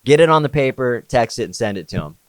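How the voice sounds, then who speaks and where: A man's voice: mid-range voice, animated, quick pace, no echo. A man, a podcast guest, telling a story in casual, slangy conversation, often saying "like" and "dude". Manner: laid-back, slangy, says "like" and "dude" often.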